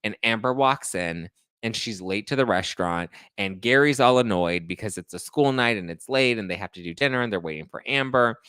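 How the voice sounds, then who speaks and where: A man with a fairly low voice hosts a gossip show in a loose, chatty style. He scatters fillers through his talk and drops sarcastic asides. The sound is dry and close-miked. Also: a little fast, sharp tone, clear, resonant tone, dry recording. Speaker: pop culture podcast host. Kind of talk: casual gossip commentary.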